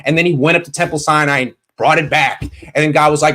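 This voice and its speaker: A man hosts a call-in show and rambles into joking stories. His voice sits a bit high for a man. He talks in a loose, casual way. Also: steady tone, quick pace, few pauses, bright, forceful tone. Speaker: podcast host taking calls.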